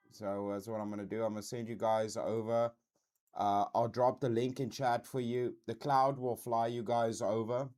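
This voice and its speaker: A man's voice: on the low side, darkish tone. A man hosting a livestream in casual chat, laid-back and peppering his talk with dude and bro. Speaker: livestream host.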